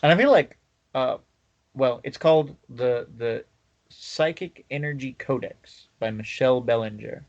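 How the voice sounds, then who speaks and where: A man hosting a podcast, chatting casually and rambling with many pauses and fillers. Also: medium pitch, dull audio. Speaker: podcast host. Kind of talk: casual chat.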